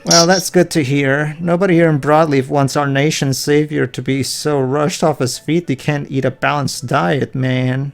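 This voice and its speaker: A man's voice: fairly high pitch, steady tone, normal speed, creaky, hardly any pauses. A man voicing a laid-back male hippie townsman who keeps tacking "man" onto his lines. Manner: drawls "man" at the end of lines. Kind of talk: voicing game dialogue.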